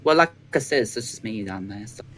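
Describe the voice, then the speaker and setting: A man voicing a prim, fussy tea-loving gentleman with an odd accent who is scandalised by naughty talk. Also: fairly low pitch, lively intonation, a little fast.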